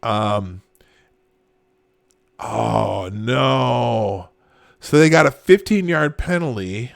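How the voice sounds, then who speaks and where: A man's voice: mid-range voice, expressive, very slow, gravelly, dry recording. A man hosting a casual live show, reacting to online posts with frequent exclamations and laughter. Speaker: host.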